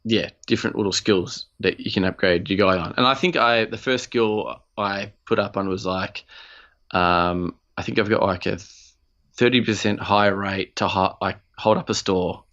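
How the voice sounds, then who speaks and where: A man's voice: fairly low pitch, moderate pace, a bit bright, muffled recording. A man, co-hosting a podcast in loose, rambling casual chat, swearing freely. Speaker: podcast co-host.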